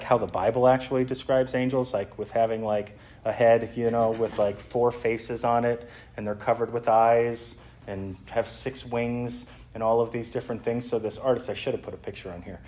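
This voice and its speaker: A man's voice: mid-range voice, a little mellow. A male pastor preaching in an easygoing, conversational way. He explains a Bible passage with many fillers and restarts. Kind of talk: sermon.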